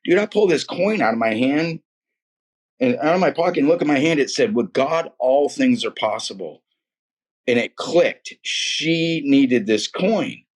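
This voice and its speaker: A man with a husky, slightly rough voice tells his faith story casually. He talks in a slangy, emphatic way and often repeats words for weight. His pitch sits in an ordinary middle range. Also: lively intonation, a little slow. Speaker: guest sharing a faith testimony.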